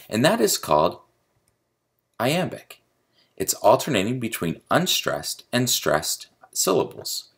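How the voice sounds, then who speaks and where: Male writing instructor, deep and gravelly, explanatory lecture delivery. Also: sing-song, moderate pace. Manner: explanatory, chants stress patterns aloud. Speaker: creative writing teacher. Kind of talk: recorded video lecture.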